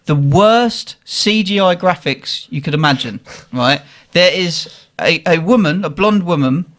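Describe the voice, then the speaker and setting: A young man, animated and swearing as he tells a funny story in casual chat. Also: on the high side. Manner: animated, swearing, laughing at his own story. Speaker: guest telling a story.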